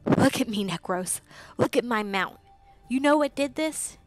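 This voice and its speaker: A woman voicing a wounded, defeated male orc dragon rider who bellows his lines loudly in a storybook reading. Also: a little high, lively intonation, measured pace, faint music behind, voice pushed up. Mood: bellowing despair. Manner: loud, bellowing.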